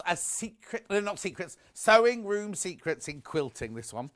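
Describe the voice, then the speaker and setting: A man's voice: high-pitched, very animated, normal speed, bright, forceful tone. A man presenting a live home shopping broadcast, chatty and gushing, reading out viewer messages as he shows products.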